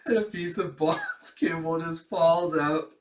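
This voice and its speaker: A man casually retelling a comic chapter aloud, animated and laughing as he acts it out. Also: a little high, distant mic, a little hiss or hum. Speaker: manga reader and reviewer. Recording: echoey room.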